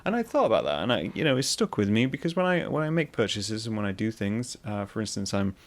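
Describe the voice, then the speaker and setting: A man's voice: on the low side, sing-song, quick pace. A middle-aged man from northern England hosting a solo podcast, rambling and self-mocking as he talks through an anecdote. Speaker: podcast host.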